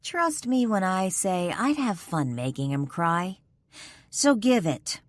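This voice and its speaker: A woman narrator voicing a fierce, sharp-tongued winged warrior woman, cutting and threatening, quick to anger. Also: medium pitch, big pitch swings, no echo. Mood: menacing.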